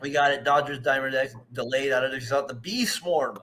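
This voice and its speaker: A man with a bright, clear voice co-hosts a loose baseball chat show. He rambles through his stories, laughing often and slipping into quoted voices. His pitch sits in an ordinary middle range. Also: fast. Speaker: co-host. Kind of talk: casual sports chat.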